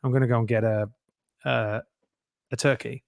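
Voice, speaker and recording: A middle-aged man, a guest telling lively anecdotes and acting out other people's lines in a casual interview. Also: mid-range voice, moderate pace, creaky, no room sound. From England.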